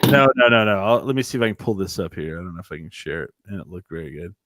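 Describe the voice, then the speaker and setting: A man's voice: sits low, very fast, dry recording. A man hosting a casual chat show over a video call, telling stories and swearing freely. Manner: animated storyteller, swears freely, acts out quotes. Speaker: podcast host.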